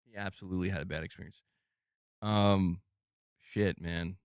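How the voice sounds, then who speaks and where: A man's voice: low-pitched, fairly even intonation, moderate pace, clear, resonant tone, dry recording, studio quality. A man streaming live, commenting on gaming news in a casual, slang-heavy, profane way. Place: home room.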